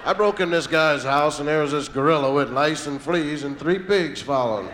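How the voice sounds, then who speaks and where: A man doing a stand-up bit voicing a jailed burglar telling his story in a low, disbelieving tone. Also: moderate pace, noisy background, lightly acted. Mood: sheepish. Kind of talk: stand-up comedy.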